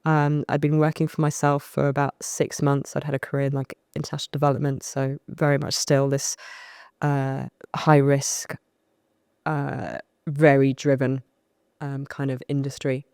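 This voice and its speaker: Low-voiced British woman telling stories. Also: moderate pace, clear, resonant tone, dry recording, studio quality. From United Kingdom. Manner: self-deprecating, animated acting-out of past moments. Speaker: podcast guest, coach. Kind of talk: candid storytelling in conversation.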